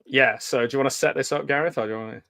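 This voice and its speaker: A man's voice: mid-range voice, fairly even intonation, rapid-fire, vocal fry, a bit bright. A man co-hosting a casual movie watch-party stream, hesitant and self-deprecating, laughing often. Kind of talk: casual chat.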